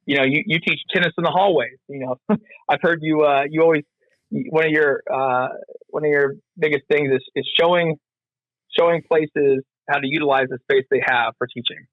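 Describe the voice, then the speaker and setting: A man's voice: a little high, fairly even intonation, moderate pace, no room sound, phone-quality sound. A man from North Carolina, a podcast guest, chatting casually and rambling with plenty of fillers and restarts. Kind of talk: casual interview chat.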